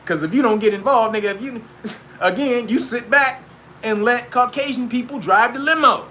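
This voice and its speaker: A man giving a profane, animated rant, laughing often as he talks. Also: extremely high pitch, moderate pace, slight background noise. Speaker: commentator. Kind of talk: casual rant monologue.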